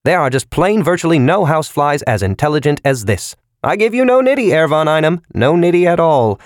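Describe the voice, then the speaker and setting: A man's voice: on the high side, very animated, fairly quick, no room sound, studio quality, voice pushed up. A man voicing a cheerful, oozing middle-aged male fly operator who rambles on eagerly like a salesman. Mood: insistent.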